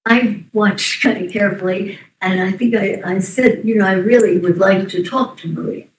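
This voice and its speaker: A woman giving expert testimony in a courtroom under cross-examination, halting and often trailing off mid-sentence. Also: medium pitch. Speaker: expert witness. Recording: roomy, distant courtroom audio.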